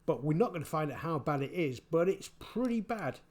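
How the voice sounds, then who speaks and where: A man giving casual spoken commentary, halting and repeating his words, chuckling often. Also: a little high, expressive, darkish tone. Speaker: vlogger.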